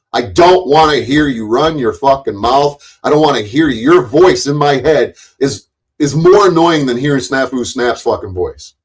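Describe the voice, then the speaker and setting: A man's voice: medium pitch, low-quality recording. A man hosting a live stream, ranting angrily with lots of cursing and rambling restarts.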